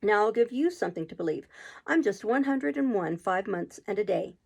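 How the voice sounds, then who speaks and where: A woman voicing a fussy, flustered old queen in a storybook read-aloud, talking emphatically and now and then rising high. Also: expressive, brisk, vocal fry, breathy edge.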